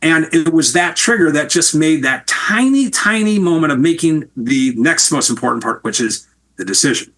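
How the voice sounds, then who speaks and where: A middle-aged man from Wisconsin, a TV producer answering interview questions with long, lively stories. His voice is bright and sits a little high. He talks candidly and swears freely. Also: moderate pace. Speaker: TV producer and guest.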